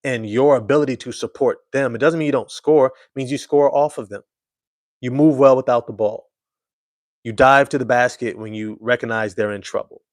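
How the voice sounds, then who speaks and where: A man's voice: mid-range voice, dry recording, clean studio sound. A man hosting casual live-stream sports commentary, emphatic and slangy, repeating his points.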